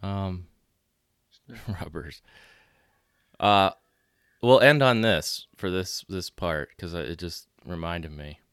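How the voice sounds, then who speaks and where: Deep smooth-voiced guy, jokey podcast chat, dry close sound. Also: slow, long pauses, fairly bright tone, dry recording. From Pittsburgh area, USA. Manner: joking, chatty, laughs often. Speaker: podcast co-host. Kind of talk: casual chat.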